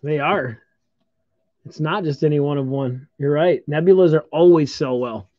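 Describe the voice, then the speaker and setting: A man's voice: fairly high pitch, normal speed, no echo. A man hosting a live-streamed trading card break, calling out each card he pulls and congratulating the viewers who own them. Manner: upbeat, congratulating viewers while calling out cards. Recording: dull lo-fi stream audio.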